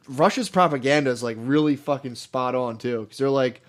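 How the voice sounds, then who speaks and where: A man's voice: mid-range voice, a little fast. A young man co-hosting a crude comedy podcast, rambling through stories and quoting people in goofy voices. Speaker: podcast co-host.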